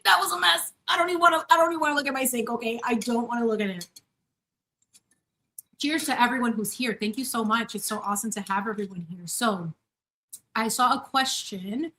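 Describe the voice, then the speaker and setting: A bit bright and a little high, her voice moves briskly while she bakes and chats on a live stream from her kitchen at home. She's a channel host in her thirties, bubbly and effusive, greeting viewers by name.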